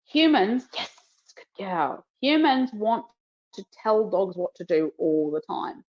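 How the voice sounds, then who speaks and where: A woman with a New Zealand accent, a dog trainer teaching a live demonstration. She explains each step and breaks off to cue and praise her dog softly. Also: mid-range voice, sing-song, slow pace. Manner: explains while cueing the dog, soft praise. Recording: dull lo-fi webinar audio.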